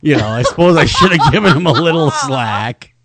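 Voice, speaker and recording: Man, podcast co-host, joking, lively pitch, pitched a bit high. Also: brisk, heavy background noise. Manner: joking, animated, puts on voices in anecdotes. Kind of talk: casual chat.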